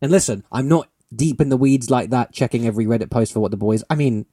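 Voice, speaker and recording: This podcast co-host has a mellow, laid-back voice of medium pitch, but he talks quickly in an excitable, rambling way, laughing a lot and swearing without hesitation. It's a casual chat, recorded up close in a dry room with no room sound at all.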